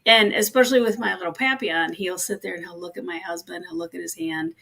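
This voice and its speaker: A woman's voice: fairly low pitch, fast, vocal fry, pushed and bright. A woman hosting an interview, asking chatty, rambling questions in casual talk. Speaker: host.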